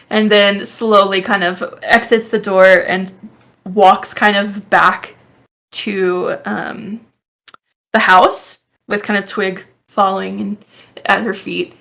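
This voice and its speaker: Give me a woman with a gravelly voice narrating her character in a tabletop game, soft and hesitant. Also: medium pitch. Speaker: player.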